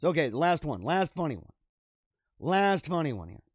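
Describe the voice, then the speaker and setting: A man's voice: fairly high pitch, big pitch swings, normal speed, no echo, studio quality. Laughing man riffing on odd news. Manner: laughing, rambling, talks straight to viewers. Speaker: podcast host. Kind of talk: casual commentary reading news stories.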